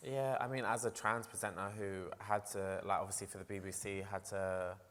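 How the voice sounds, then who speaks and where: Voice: low voice, flat delivery, moderate pace, fairly bright tone. A trans presenter speaking on a festival panel, talking casually and passionately with many "like"s and restarts. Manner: casual, run-on speech full of "like" and restarts; passionate and emotional. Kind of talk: panel discussion. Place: festival panel on a stage in a large hall. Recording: long hall reverb.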